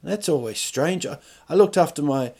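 A man's voice: fairly high pitch, expressive, moderate pace, warm tone, husky. A middle-aged man hosting a podcast, rambling through a crude comic monologue with stop-start phrasing and rhetorical questions. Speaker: podcast host.

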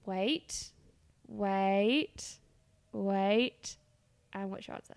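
Female quiz host, raspy edge, brisk and teasing, dry studio sound. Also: mid-range voice, no echo. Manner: teasing, brisk question reading. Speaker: podcast host, quizmaster. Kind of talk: playful quiz banter.

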